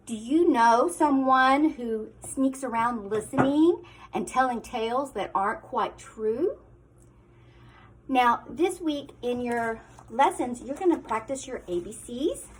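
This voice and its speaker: A woman teacher reading a picture book aloud to children, with expressive storytelling and hushed asides. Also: sits high, breathy edge.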